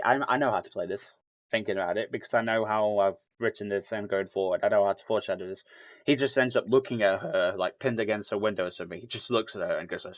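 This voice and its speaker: A man's voice: fairly low pitch, muffled recording. A man hosting a podcast, talking casually and rambling, with lots of restarts and acted-out quotes. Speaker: podcast host. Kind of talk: casual solo commentary.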